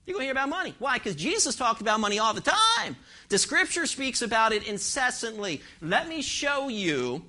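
A man's voice: high-pitched, bright, forceful tone. A man, a pastor, preaching an emphatic sermon in church and firing rhetorical questions at his congregation. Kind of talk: expository sermon.

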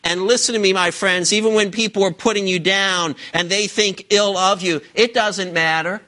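A man's voice: high voice, fairly even intonation, moderate pace, sharp tone. A man preaching a sermon to a congregation in church, emphatic and full of rhetorical questions. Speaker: pastor. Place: church service before a congregation.

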